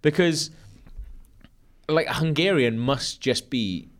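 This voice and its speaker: A man's voice: on the high side, takes it slowly. A man co-hosting a podcast, swearing casually and chiming in with agreement. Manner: lively, sweary, frequent agreeing. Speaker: podcast co-host. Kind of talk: casual chat.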